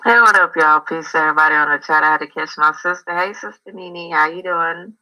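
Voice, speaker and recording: A man's voice: a little high, quick pace, sharp tone, highs cut off. A man calling into a live stream, friendly, greeting everyone before he makes his point. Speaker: caller. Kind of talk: casual live-stream chat.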